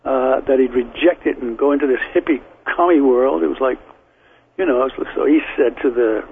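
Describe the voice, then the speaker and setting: Starszy mężczyzna z akcentem z Liverpoolu, przez telefon. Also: male voice, mid-range voice, moderate pace, vocal fry. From England. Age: older. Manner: rambling and anecdotal, with frequent restarts. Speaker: guest. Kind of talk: telling memories in an interview. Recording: tinny phone line with faint hiss.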